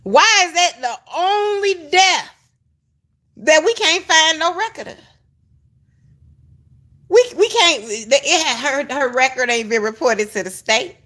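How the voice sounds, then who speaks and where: A woman's voice: high voice, lively intonation, slow, pauses often, sharp tone. A woman giving casual livestream commentary, talking straight to her viewers and breaking into fits of laughter. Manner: addresses viewers as y'all. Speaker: online commentator.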